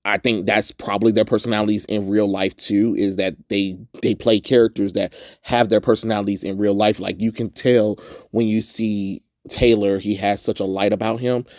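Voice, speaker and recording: A man's voice: on the low side, darkish tone, dry recording, studio quality. A young man from the suburban American South chatting casually through a movie review, rambling with lots of "um"s and frequent laughs. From Southern United States, suburban.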